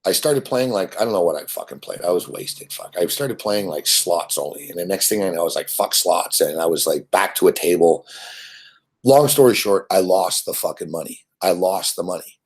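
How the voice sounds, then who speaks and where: A deep, husky man from Montreal hosting a show. He tells a rambling, profane story and keeps circling back to repeat himself. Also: expressive, fairly quick. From Montreal, Canada. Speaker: host.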